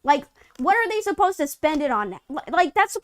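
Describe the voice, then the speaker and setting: A woman's voice: high voice, very animated, moderate pace, no room sound. A woman co-hosting a live gaming news stream, ranting hard with profanity and firing off exasperated rhetorical questions. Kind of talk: casual live-stream chat.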